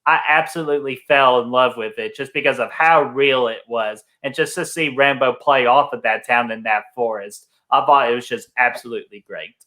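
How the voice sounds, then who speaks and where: Co-host dude, bright sharp voice, says like and um constantly, earnest. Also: male voice, medium pitch, moderate pace, few pauses. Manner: earnest, filler-heavy talk with many likes and ums. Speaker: movie review co-host. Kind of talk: casual chat.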